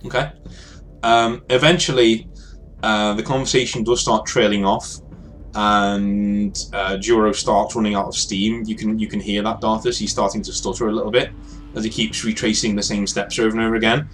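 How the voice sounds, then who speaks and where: A man narrating as game master of a tabletop game, relaxed and full of pauses. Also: lowish voice, a little hiss or hum. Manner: relaxed, hesitant with many fillers.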